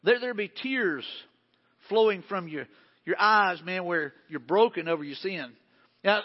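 A high-pitched man preaching from the pulpit of a church sanctuary. He is earnest, swelling to emphatic points and sinking to near-hushed lines. The sound is dull and carries a long hall reverb. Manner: earnest, builds to emphatic peaks then drops to hushed tones. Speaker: pastor. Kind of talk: sermon.

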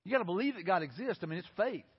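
A man with a high, husky voice preaches a sermon in an earnest way that builds to impassioned pleading. His voice carries a long reverb in a large hall. The sound is dull and lo-fi. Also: animated, very fast. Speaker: pastor.

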